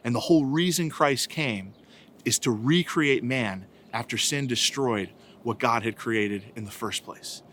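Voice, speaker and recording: A man's voice: medium pitch, a little slow, a bit bright, a little hiss or hum. A man, a church evangelization director, giving an informal faith reflection that opens with a family story, talking casually with many asides. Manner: conversational, anecdotal, frequent "right?" and "like".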